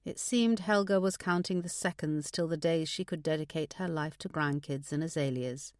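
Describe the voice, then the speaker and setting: Low-voiced woman narrating a thriller. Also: moderate pace, no room sound, clean studio sound. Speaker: audiobook narrator. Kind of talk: scripted narration.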